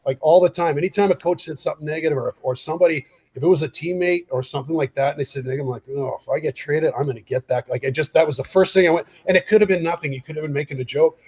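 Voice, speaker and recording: A man's voice: on the high side, very fast, hardly any pauses, breathy edge, low-quality recording. A middle-aged man from Canada, a guest telling stories in a casual interview and acting out the lines he quotes. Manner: animated storyteller who acts out quoted lines. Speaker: guest, former hockey player.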